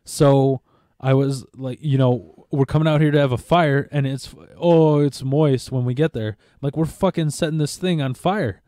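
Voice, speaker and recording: A man's voice: mid-range voice, fairly even intonation, normal speed, hardly any pauses, mellow, no room sound. A man in casual podcast chat, rambling through a story with plenty of swearing and stumbling restarts. His voice sits in an ordinary middle register, and it is recorded close and dry with little room sound. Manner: rambling, profane, stammers and restarts. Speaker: podcast host.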